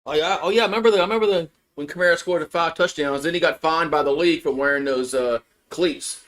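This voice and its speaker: A man's voice: fairly high pitch, fast talker, a bit bright. A man doing casual live play-by-play of a football game as a fan streamer, frustrated, swearing and repeating himself.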